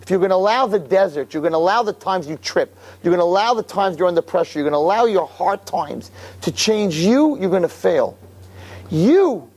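A man teaching a religious class, telling a story in an animated, conversational way. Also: high-pitched, brisk, breathy edge. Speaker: Torah teacher.

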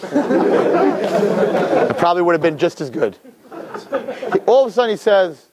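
A man who teaches, telling a personal story to a live audience in an animated, expressive way. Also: measured pace, pauses often, a crowd in the background, background noise. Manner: animated, expressive storyteller with big pitch swings.

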